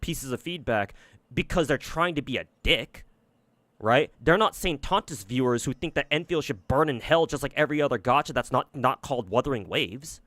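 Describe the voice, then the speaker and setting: A man's voice: medium pitch, animated, moderate pace, fairly bright tone, dry recording. A man streaming and giving casual commentary on games, rambling and swearing a lot, with many fillers and restarts. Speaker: gacha game streamer.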